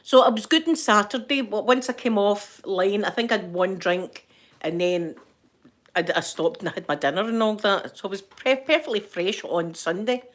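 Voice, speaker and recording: With a medium-pitched voice at normal speed, an older woman with a Scottish accent chats casually as she reads her live chat. She laughs frequently and rambles her way through stories for viewers.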